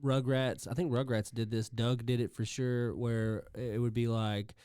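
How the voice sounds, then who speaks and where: A man's voice: mid-range voice, flat delivery, unhurried, a little mellow, smooth, no room sound, studio quality. A man co-hosting a podcast, talking casually and rambling, with restarts and offhand swearing. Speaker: podcast co-host. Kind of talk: casual chat.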